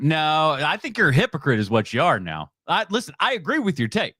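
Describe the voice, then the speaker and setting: Blunt sarcastic podcast host. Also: male voice, a little high, wildly swooping pitch, fairly quick, few pauses, bright, forceful tone, slightly rough, no room sound, clean studio sound. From United States. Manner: blunt, sarcastic, laughs often. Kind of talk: reacting to videos on a live stream.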